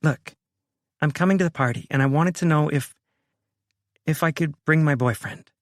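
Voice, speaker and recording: A man's voice: a little high, moderate pace, dry recording, clean studio sound, voice pushed up, natural voice. A man voicing a defensive, frustrated ex-wife who speaks insistently and pleads her case in a raised voice. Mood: tense.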